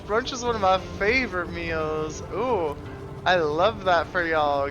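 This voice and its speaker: A woman's voice: fairly low pitch, slow pace, dull audio, music in the background. A woman streaming a video game live, chatting casually with her viewers, reacting aloud and reading on-screen text, and swearing freely.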